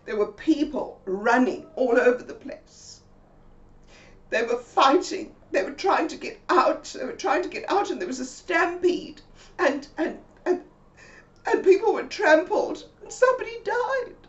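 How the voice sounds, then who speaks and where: A woman's voice: high-pitched, expressive, measured pace, reverberant, distant mic, lo-fi sound, voice pushed up. A woman putting on a frantic, wailing lady. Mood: panicked. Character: panicky elderly woman friend, fretful and dramatic.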